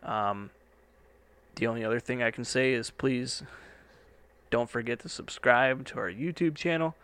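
A man's voice: medium pitch, fairly bright tone, clean tone. A young man hosting a podcast from a studio, rambling casually and swearing now and then. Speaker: podcast host. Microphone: studio microphone.

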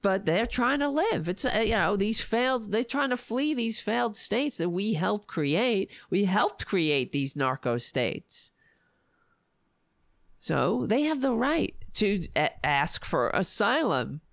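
A woman hosting a livestream, delivering an angry, sarcastic political rant full of profanity, her voice going hoarse. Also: mid-range voice, very animated, takes it slowly, no room sound, studio quality. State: losing her voice. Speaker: livestream host.

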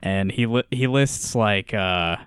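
A man co-hosting a podcast in a relaxed, casual chat, reading book passages aloud and commenting with frequent laughs. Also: on the low side, takes it slowly, clear, resonant tone, no echo, studio quality. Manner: relaxed, laughs often, reads quotes then comments. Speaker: podcast co-host.

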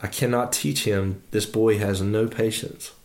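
A man's voice: fairly low pitch, fairly even intonation, unhurried, a little mellow. A man reading the lines of an ancient small alien master, stern and patient, in clipped phrases with inverted word order.

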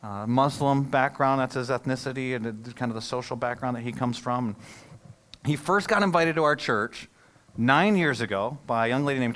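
A pastor preaching a sermon to his congregation, telling stories and joking, then swelling from quiet asides to loud, emphatic peaks. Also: a little high. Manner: jokes with the congregation. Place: church service held in a movie theater.

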